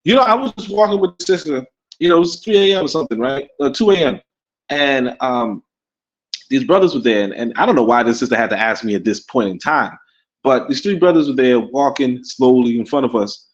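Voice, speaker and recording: A Caribbean-born man co-hosting a casual talk show, rambling and animated, with many restarts and laughs. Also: medium pitch, fairly quick, lo-fi sound. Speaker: podcast co-host. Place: in Africa.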